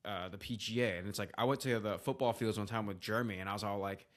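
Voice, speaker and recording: A man's voice: fairly low pitch, fast, hardly any pauses. A man co-hosting a podcast, talking in a thoughtful, rambling, slightly hesitant way. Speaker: podcast co-host. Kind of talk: casual podcast chat.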